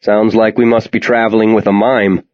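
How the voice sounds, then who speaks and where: Tough defiant teen, read by a man, low, blunt, impatient, dull audio. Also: level tone, normal speed, dry recording, close to an everyday voice. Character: tough defiant teenage boy.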